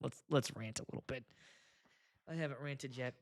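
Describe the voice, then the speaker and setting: A man hosting a casual podcast, telling stories in an animated, profane, comic ranting way. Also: medium pitch, moderate pace. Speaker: podcast host, wedding DJ.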